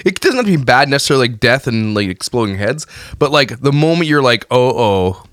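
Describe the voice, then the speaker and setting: A man's voice: mid-range voice, big pitch swings, quick pace, a bit bright, no echo, studio quality. A man co-hosting a podcast, chatting in a joking, rambling way. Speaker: podcast co-host. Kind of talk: casual chat.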